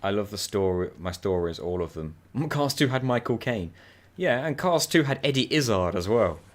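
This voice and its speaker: The host of a co-op gaming channel, a man with a low, deep voice, chats casually with a friend as they play together. He tells stories with animated energy at a moderate pace and laughs often.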